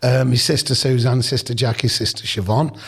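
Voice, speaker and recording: Husky-voiced man in his sixties reminiscing. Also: medium pitch, steady tone, a little fast, fairly bright tone. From England. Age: 60s. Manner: rambling, chatty, with restarts and asides. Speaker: podcast guest. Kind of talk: casual storytelling.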